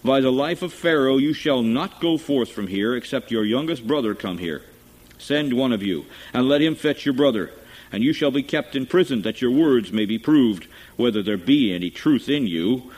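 A man reading aloud as a stern male governor, speaking in a commanding, measured way. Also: medium pitch, expressive, a little mellow, lightly acted, low-quality recording. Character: stern male governor testing his brothers. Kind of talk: scripture reading.

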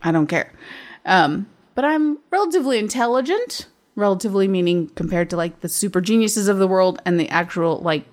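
A woman's voice: mid-range voice, expressive, brisk. A woman in her fifties, a blunt, straight-talking podcast co-host who chats casually and laughs often. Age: 50s. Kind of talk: casual chat.

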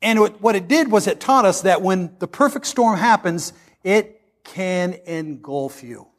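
A man's voice: high-pitched, unhurried. A male pastor preaching a sermon, telling stories in a folksy, emphatic way. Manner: animated storytelling, folksy and emphatic.

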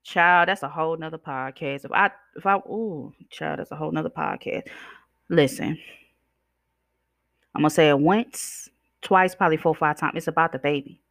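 A woman's voice: low-pitched, normal speed, vocal fry, a bit bright, no room sound, clean studio sound. A woman hosting a podcast, ranting casually with a blunt, sassy, profane manner and a slight slur from chewing gum, speaking. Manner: blunt, sassy, profane, addresses listeners as "y'all" and "child". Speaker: podcast host.

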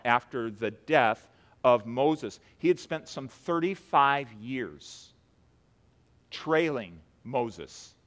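A man preaching a sermon as pastor, swinging between hushed and loud emphatic delivery, with frequent restarts. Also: mid-range voice. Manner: repeats words, many restarts.

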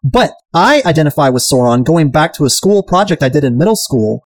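A man chatting through a TV recap with an irreverent, profane edge. His voice sits a little high for a man, and it is recorded close and dry with no room sound. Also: lively intonation, brisk, dry recording. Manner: irreverent, profane, mimics characters. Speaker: podcast host. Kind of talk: casual episode recap chat.

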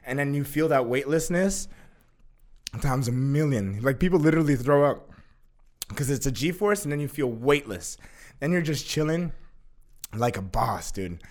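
Excitable young man telling a wild story. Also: mid-range voice, moderate pace, pauses often. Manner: excitable, profane, acts out quotes with laughter. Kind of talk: casual chat.

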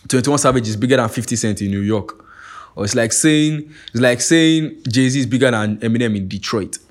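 A young Nigerian-accented man, talking loose and animated on his own podcast. He swears freely and keeps checking that the listener follows him. His voice sits at an ordinary male pitch. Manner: animated and profane, keeps asking "you get what I'm saying". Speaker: podcast host. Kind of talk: casual monologue.

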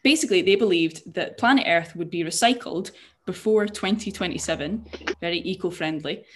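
Young woman co-host, bit low voice, jokey and sweary, keeps restarting words. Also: fairly quick, background noise. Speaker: podcast co-host. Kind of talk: casual chat, explaining a story.

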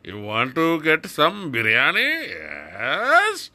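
A man's voice: on the high side, wildly swooping pitch, takes it slowly, sharp tone, no room sound, pitched above the performer's own voice, heavily acted. Man putting on an eager Indian-accented chatter. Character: exaggerated chatty Indian man offering biryani.

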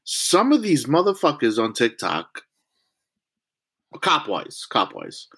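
A man's voice: medium pitch, huge pitch swings, takes it slowly, sharp tone, slightly rough. A man in loose, casual podcast chat with his co-host. He swears freely and talks bluntly, and he gets worked up easily. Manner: blunt, profane, easily riled.

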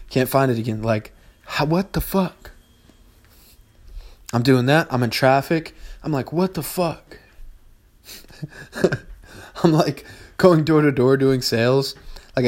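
A young man talks through big ideas in a loose, rambling podcast monologue. He swears freely and flares into exasperation, then settles back into musing at a mid-range pitch. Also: a little mellow. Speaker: podcast host. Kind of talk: casual philosophical monologue.

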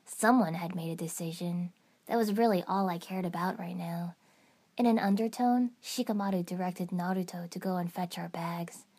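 A woman reads a first-person fan fiction story aloud in an even, steady storytelling manner. Her voice is low and husky, with a breathy edge. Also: moderate pace. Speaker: narrator. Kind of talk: fan fiction audiobook reading.

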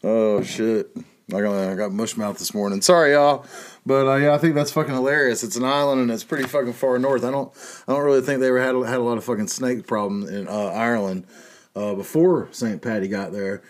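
A man's voice: mid-range voice, steady tone, a little fast. Middle-aged guy, cussing a lot, rambly solo podcast rant. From North Carolina, USA. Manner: profane, rambling, laughs at his own jokes. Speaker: podcast host. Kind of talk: casual monologue.

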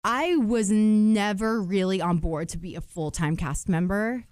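A woman's voice: mid-range voice, unhurried, darkish tone, clean tone, no echo. A woman chatting casually and telling stories, circling back with fillers and restarts. Her voice sits mid-range for a woman. The sound is dry and close to the mic. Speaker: podcast guest. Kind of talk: casual chat.

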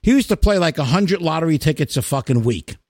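A podcast host in his fifties tells a story in casual, profane chat, full of fillers. His voice sits fairly high and the sound is close and dry. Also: animated, brisk, darkish tone, no echo.

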